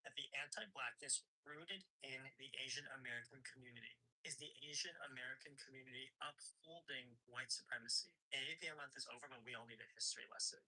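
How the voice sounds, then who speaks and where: A man's voice: mid-range voice, fast talker, hardly any pauses, pushed and bright, slightly rough, poor audio. A man giving emphatic, instructive commentary straight to camera. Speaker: social commentator.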